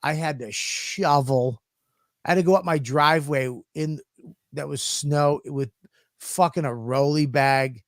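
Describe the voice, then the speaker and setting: A podcast host man ranting through a story, swearing constantly and getting worked up. His voice is pitched a bit high and sounds close and dry. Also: a little slow, dry recording. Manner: profane, animated ranting.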